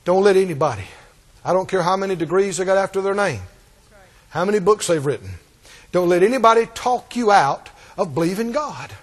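A man with a very high, lively voice preaches an emphatic, rousing sermon and keeps calling out to his congregation. His voice rings out with the long reverb of a large hall. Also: brisk.

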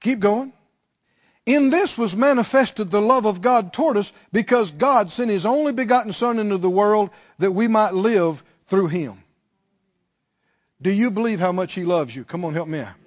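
A pastor preaching a sermon, leading the congregation in call-and-response and swinging between shouted and hushed lines. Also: male voice, sits high, animated, normal speed, highs cut off.

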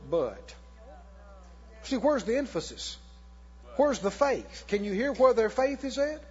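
A man preaching a sermon, emphatic and booming as he questions the congregation. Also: sing-song, measured pace, a little mellow, breathy edge. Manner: emphatic, rising and booming, asking the crowd questions. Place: church hall. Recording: echoey hall, dull lo-fi sound.

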